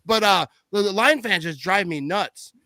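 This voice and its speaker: A man chats about football in a rambling, animated way, piling on fillers and restarts. His voice sits a little high and rings bright and forceful. The sound is dry and close. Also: normal speed, no room sound. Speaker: podcast guest. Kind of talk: casual sports chat.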